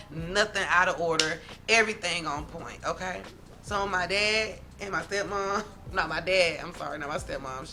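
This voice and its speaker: Animated, bright-voiced woman telling a story. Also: medium pitch, a little hiss or hum. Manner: animated, dramatic, talks straight to viewers as "y'all". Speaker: vlogger, storyteller. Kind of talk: casual storytime to camera.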